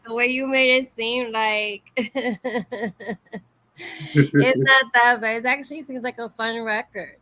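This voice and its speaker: A woman's voice: on the high side, slow pace, pauses often, pushed and bright. Encouraging woman hosting a chat. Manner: encouraging and upbeat, slangy. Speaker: interview host. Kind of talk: casual chat.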